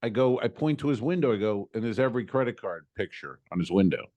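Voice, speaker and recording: A man's voice: lowish voice, lively intonation, fast, highs cut off. A man co-hosting a comedy podcast, telling a travel story casually and acting out both sides of the exchanges with exasperation. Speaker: podcast co-host.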